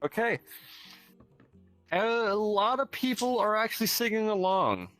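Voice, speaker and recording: A man narrating as game master, halting with many fillers and laughs. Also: high voice, expressive, a bit bright, no room sound, faint music behind. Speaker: dungeon master.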